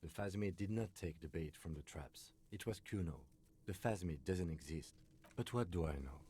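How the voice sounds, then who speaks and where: A composed police lieutenant who speaks in an understated, wry way. His voice is low and mellow, never rising in a video game. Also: moderate pace, slightly rough. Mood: dry. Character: calm, dry police lieutenant.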